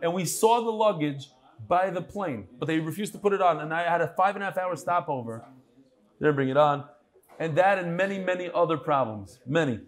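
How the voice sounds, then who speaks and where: A man's voice: a little high, expressive, brisk. A man hosting a casual live stream, greeting viewers by name and teasing them. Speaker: host of a live online talk.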